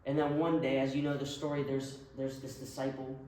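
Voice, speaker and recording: A man's voice: mid-range voice, flat delivery, brisk, darkish tone. A man preaching a sermon, retelling a story earnestly and vividly. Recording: very echoey room, mic far off.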